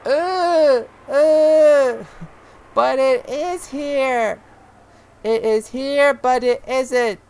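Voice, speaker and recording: A man voicing a strange, stubborn little girl who whimpers "uu, uu" between halting words. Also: extremely high pitch, darkish tone, clear, resonant tone, voice pushed up, heavily acted. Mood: whimpering. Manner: repeats a whiny "uu, uu" sound; very slow, halting delivery. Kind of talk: reading a visual novel aloud.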